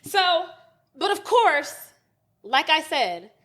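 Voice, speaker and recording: A woman in her late twenties with a high voice tells a story on a podcast in casual chat. She is blunt, heated and profane, and acts out what others said as she goes. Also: sing-song, takes it slowly, fairly bright tone. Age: late 20s. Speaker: podcast co-host. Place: podcast studio.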